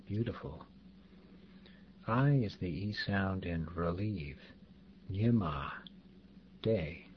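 Slow, very deep-voiced male teacher. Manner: deliberate, spells out sounds and repeats example words. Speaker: language teacher. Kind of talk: slow pronunciation lesson. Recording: dull lo-fi recording, faint background noise.

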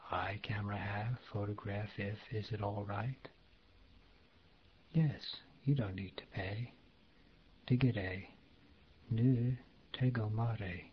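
A man with a fairly low voice reads a language lesson at a very slow, deliberate pace, glossing each phrase word by word. The recording is dull and lo-fi, with a faint hiss underneath. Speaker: language teacher. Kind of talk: reading a language lesson aloud.

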